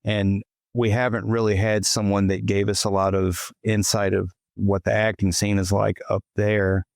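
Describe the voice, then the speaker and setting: Easygoing low-voiced male podcast host. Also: flat delivery, moderate pace, gravelly, no room sound. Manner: easygoing, conversational. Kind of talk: casual interview chat.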